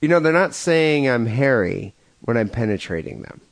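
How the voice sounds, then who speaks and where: A man's voice: medium pitch, expressive, moderate pace, vocal fry. Rambling male podcast co-host. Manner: rambling, laughs at own jokes, many fillers. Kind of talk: crude casual chat.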